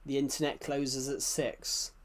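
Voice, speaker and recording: A man's voice: medium pitch, level tone, unhurried. A man with a British accent, chatting casually on a live game stream, rambling and answering chat messages with frequent restarts. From United Kingdom.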